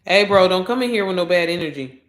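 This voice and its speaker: A woman, chatting excitably on a casual livestream and talking straight to her viewers. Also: lowish voice, fast talker. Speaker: online course promoter. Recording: echoey room.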